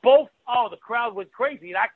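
Male co-host, high voice, tinny phone-line sound, emphatic. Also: lively intonation, fairly quick, dry recording. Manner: emphatic, stumbling restarts. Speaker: wrestling podcast co-host. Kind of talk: casual chat.

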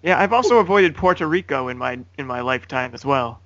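A man's voice: mid-range voice, animated, quick pace, bright, forceful tone. A man co-hosting a podcast, reading listener questions and making dry, understated remarks. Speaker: podcast co-host. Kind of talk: casual podcast chat. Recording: dull, dry lo-fi audio, a bit off mic.

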